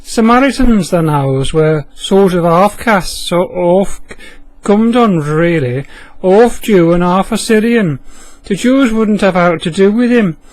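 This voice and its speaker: A man's voice: sits high, expressive, unhurried, darkish tone, dry recording, poor audio. A man with a broad Yorkshire accent telling a Bible story in dialect, folksy and chatty with asides to the listener.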